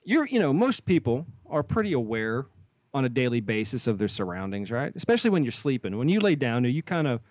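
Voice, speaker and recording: A man's voice: medium pitch, big pitch swings, a little fast, dry recording. A man co-hosting a podcast, telling a story in casual chat and acting out both sides of an argument. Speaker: podcast co-host.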